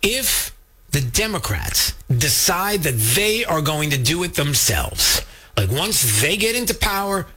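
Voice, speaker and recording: His fairly high voice has a sing-song quality, pushed and bright with a slight roughness, and he keeps a measured pace. The man runs a political talk radio program in a studio, sounding fired up and emphatic while talking straight to his co-host and listeners.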